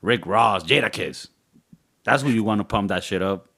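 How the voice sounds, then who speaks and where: A man's voice: lowish voice, animated, moderate pace, fairly bright tone, husky. A man with a Spanish-influenced accent co-hosting a podcast, crude and joking, laughing often. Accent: Spanish-influenced English. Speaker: podcast co-host. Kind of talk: casual comedic podcast chat.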